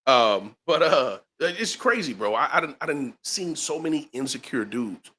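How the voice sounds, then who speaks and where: A man's voice: medium pitch, sing-song, normal speed, sharp tone, slight background noise. A man hosting a casual chat, laid-back, chiming in with short agreements and his own stories. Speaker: host.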